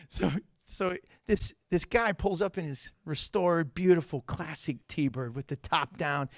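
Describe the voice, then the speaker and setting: A man preaching a sermon as pastor, telling stories in an animated way, with loud, high outbursts, and joking and laughing between points. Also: dry recording, clean studio sound. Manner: animated storytelling, gets loud and high acting out scenes.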